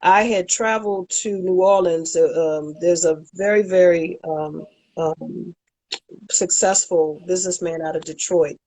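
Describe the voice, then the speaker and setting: A woman's voice: fairly low pitch, unhurried, low-quality recording. A woman guest in a casual chat, telling a story animatedly and acting out what people said. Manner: animated storyteller, acts out quotes.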